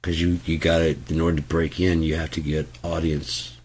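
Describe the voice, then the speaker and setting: Male host, very low voice, chatty and profane, casual off-the-cuff delivery. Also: little pitch movement, moderate pace, a little mellow, breathy edge. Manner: loose, profane, full of asides and restarts. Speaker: music channel host. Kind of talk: casual rambling talk to camera.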